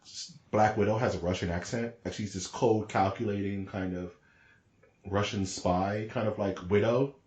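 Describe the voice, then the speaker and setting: A man co-hosting a podcast in casual chat, talking in an excitable, rambling, slangy way. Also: fairly low pitch, moderate pace, reverberant. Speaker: podcast co-host.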